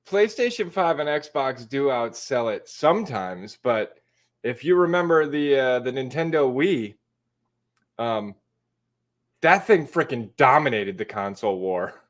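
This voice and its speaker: Man, middle pitch, casual chat, emphatic, interjecting, conversational. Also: expressive, unhurried.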